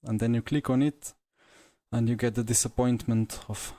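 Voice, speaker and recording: A man's voice: mid-range voice, fairly even intonation, moderate pace, mellow, dry recording. Breathless man chatting after a sim race. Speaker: sim racing streamer. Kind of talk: casual live commentary while sim racing.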